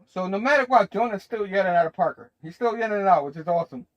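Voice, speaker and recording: Man, high-pitched, enthusiastic, casual comic review, muffled audio. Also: fast. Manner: enthusiastic, laughs often. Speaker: comic book reviewer, show host.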